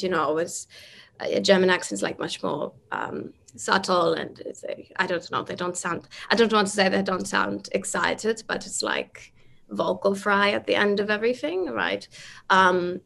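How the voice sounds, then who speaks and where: A woman actress answering interview questions casually, halting with restarts and fillers. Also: mid-range voice, gravelly, a bit bright. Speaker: actress guest.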